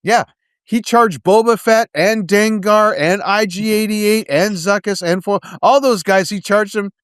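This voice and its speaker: A man's voice: sits high, measured pace, a bit bright, clear, resonant tone, no room sound, clean studio sound. A man co-hosting a casual movie podcast, laughing often and making jokey asides. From Canada. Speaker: podcast co-host.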